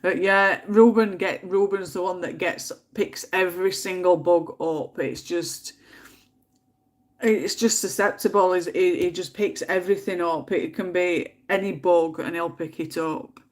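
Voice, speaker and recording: Streaming herself colouring at home, this English host chats casually, laughs a lot and mumbles as she picks out colours, all while nursing a slight cold. She speaks in a fairly low, steady voice at a measured pace.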